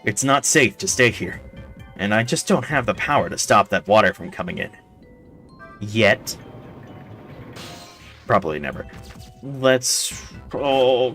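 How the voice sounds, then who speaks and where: A man's voice: fairly low pitch, animated, a little slow, pauses often, a bit bright, faint music behind. A man streaming a game, playfully reading its dialogue aloud with jokey asides. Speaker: let's play streamer.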